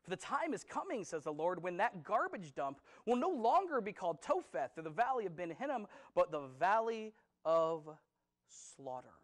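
A man's voice: sits high, sing-song, normal speed, poor audio. A man preaching a sermon as pastor, conversational and emphatic, often repeating himself for stress.

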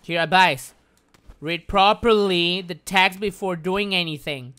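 A woman's voice: fairly low pitch, a little slow, a bit bright, clean tone. A woman streaming a video game with live commentary, exasperated, swearing and repeating words in bursts.

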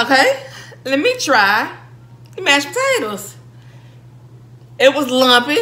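A woman's voice: mid-range voice, sharp tone, a little hiss or hum. A woman, chatting casually as she eats on camera, telling stories with laughing asides. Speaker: vlogger eating on camera. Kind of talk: casual mukbang chat.

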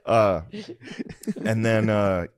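Man, low voice, thirties, swears a lot, laughs through his stories, podcast host. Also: fairly even intonation, very slow, clear, resonant tone, no room sound. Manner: swears freely, laughs through stories, acts out family members. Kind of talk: casual comedic storytelling.

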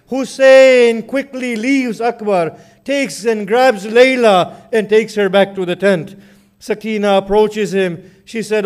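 A man preaching a Muharram lament sermon, recounting in a slow, mournful, drawn-out way. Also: high-pitched, clear, resonant tone.

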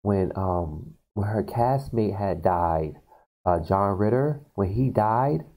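A man casually retelling film scenes to viewers on his video channel, talking in an animated way with many fillers. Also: on the low side, takes it slowly, rough recording. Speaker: video blogger. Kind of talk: casual storytelling.

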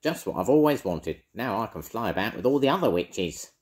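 A man's voice: on the low side, sing-song, a little fast, voice pushed up. An older man voicing a screeching, cackling evil witch for a storybook reading. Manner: screeching, loud, snorting.

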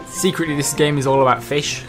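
A man's voice: fairly high pitch, steady tone, fairly quick, over music. A young man co-hosting a let's play, chatting and joking in a laid-back way. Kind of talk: casual gameplay commentary.

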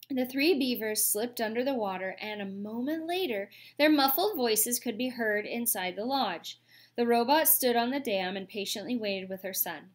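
A woman with a fairly high voice reads a children's book aloud. She tells the story clearly and steadily, at an easy storytelling pace. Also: lively intonation, normal speed. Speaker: audiobook reader. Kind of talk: reading a children's novel aloud.

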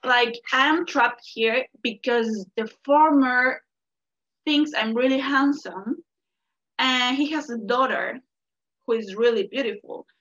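A woman voicing a clever young male rabbit who sweet-talks softly. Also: sits high, takes it slowly, full character voice. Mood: scheming. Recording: dull lo-fi recording.

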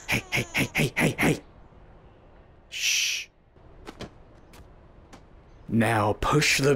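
A man's voice: creaky, fairly bright tone. A young man doing comedic VR gameplay commentary, theatrically scolding and swinging between grand speeches and mutters. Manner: mock-dramatic, theatrical scolding with sudden pitch swings. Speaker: gaming YouTuber.

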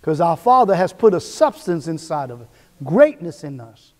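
A man's voice: on the high side, very animated, normal speed, darkish tone, big-room sound. A man preaching a sermon as pastor, emphatic and repetitive, voicing quoted inner voices.

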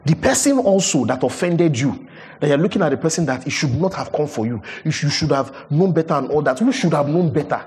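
A man preaching a sermon, animated, building to emphatic peaks and questioning his listeners. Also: fairly high pitch, fairly quick.

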